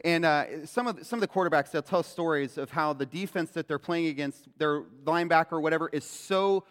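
A man preaching a sermon as pastor, animated and acting out quoted lines in a loud voice. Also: on the high side, a little fast. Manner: animated, acts out quotes loudly. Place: church sanctuary. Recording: long hall reverb.

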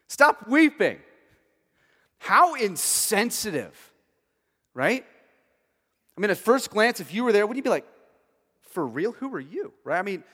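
A man preaching an expository sermon, swinging between loud emphatic stretches and very quiet passages, checking in with listeners with "okay" and "right". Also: on the high side. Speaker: pastor. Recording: long hall reverb.

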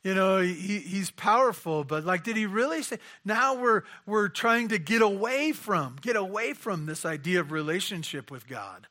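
A man's voice: high voice, expressive, normal speed, few pauses, pushed and bright. A man preaching a conversational sermon, asking rhetorical questions and often repeating his words.

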